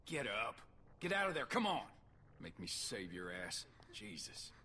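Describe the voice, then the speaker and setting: A man voicing a gruff, hot-tempered middle-aged video game character who barks profane orders. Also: mid-range voice, very animated, measured pace, sharp tone, a little hiss or hum. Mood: scolding. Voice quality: profane, barking and bossy.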